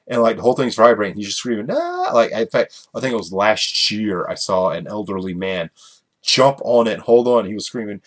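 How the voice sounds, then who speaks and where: A man hosting a casual solo podcast, rambling and chuckling through his stories with many fillers. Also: fairly low pitch. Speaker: podcast host.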